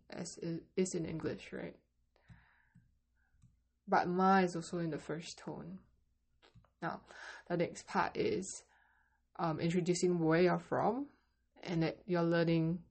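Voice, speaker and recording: A woman teaches basic Mandarin at an unhurried pace, her lowish voice carrying a gravelly edge. She models each phrase slowly and carefully, then explains it in plain English. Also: darkish tone. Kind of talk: language lesson.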